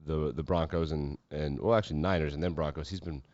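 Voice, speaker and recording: A man's voice: a bass voice, steady tone, fairly quick, a little mellow, no echo, highs cut off. A man hosting a sports podcast, talking casually with sarcastic, profane asides. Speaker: podcast host.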